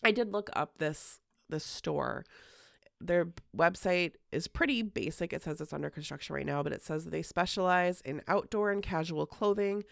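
A woman's voice: lowish voice, lively intonation, normal speed, vocal fry, dry recording, clean studio sound. A woman hosting a podcast, telling a story in casual chat, full of "like" fillers and casual swearing. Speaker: podcast host.

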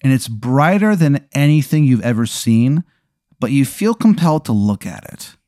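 Deadpan man spinning an absurd story. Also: medium pitch, no echo, studio quality. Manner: deadpan, drawn-out narration with sudden absurd turns. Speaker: podcast host telling an improvised story. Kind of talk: comedic improvised storytelling.

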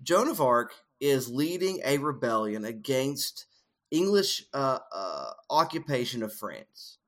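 A man's voice: medium pitch, sing-song, slow pace, fairly bright tone. A man co-hosting a casual film discussion, explaining ideas at length in a thoughtful way with frequent fillers. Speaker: podcast co-host.

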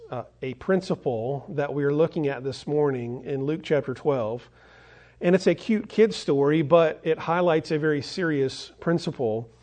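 Brief: male pastor, sermon delivery, earnest storyteller, slightly high voice. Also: a little mellow.

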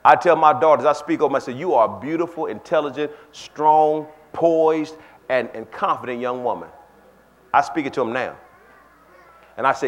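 High-voiced pastor guy, aave, folksy animated sermon, voice jumping all over, low asides then big shouts. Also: fairly quick. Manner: folksy, conversational preaching with call-and-response asides.

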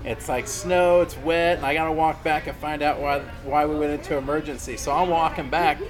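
A man with a slightly high voice tells railroad stories in a relaxed conversation, swearing casually as he goes. He acts out both sides of the dialogue in his stories. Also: fairly quick, over music, low-quality recording. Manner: animated storyteller acting out dialogue, swears casually. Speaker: railroad worker. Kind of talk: casual storytelling chat.

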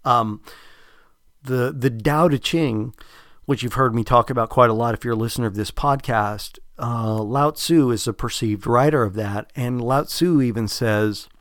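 A man's voice: mid-range voice, normal speed, no echo. A man with a Southern US drawl talks through a podcast episode in a loose, reflective ramble, full of fillers and false starts. His voice sits in a middle register. The recording is close and dry, with no room sound. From American South. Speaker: podcast host. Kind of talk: casual spiritual podcast talk.

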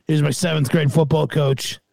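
A man co-hosting a podcast, chatting casually and chummily with quick, agreeable reactions. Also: fairly high pitch, little pitch movement, creaky, warm tone, no room sound. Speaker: podcast co-host. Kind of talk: casual chat.

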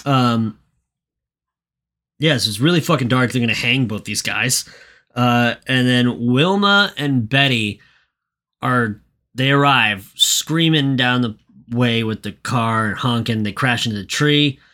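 Bright-voiced, swearing male co-host. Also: mid-range voice, measured pace. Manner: profane, rambling recap with voiced impressions. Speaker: podcast co-host. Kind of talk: casual chat.

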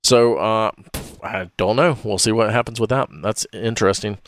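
A man with a lowish voice hosts a casual podcast, rambling and halting as he fumbles over names. There's a little hiss or hum in the recording.

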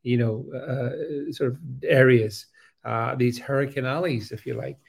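A man talks straight to his viewers in a loose, unscripted monologue. He stops and restarts often and leans into sarcasm. His voice sits at an ordinary middle pitch. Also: steady tone, gravelly, husky. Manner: halting, many fillers and restarts, sarcastic. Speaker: political commentator. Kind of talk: casual opinion monologue.

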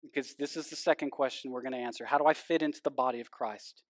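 A male pastor giving a sermon, swinging from loud emphasis down to hushed, intense passages. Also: mid-range voice, fairly even intonation, fast, no echo, studio quality.

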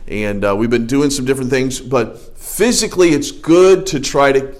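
A man's voice: mid-range voice, moderate pace. A man, a pastor, preaching a casual, folksy sermon full of jokes, asides and restarts. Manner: folksy, joking, conversational preaching with many restarts.

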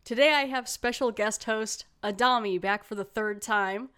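A woman's voice: on the high side, normal speed, a bit bright, smooth. A woman hosting a casual podcast, playful and laughing often as she reads out credits. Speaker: podcast host.

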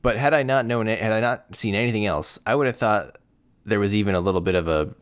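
Low-voiced, steady male podcast co-host. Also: fast, smooth, no echo, studio quality. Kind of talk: casual podcast chat and plot summary.

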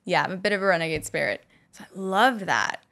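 A young woman telling animated, self-mocking stories to her viewers. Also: lowish voice, fairly quick, creaky. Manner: animated, self-mocking, acts out quotes in loud squeals. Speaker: vlogger. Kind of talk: casual storytelling to camera.

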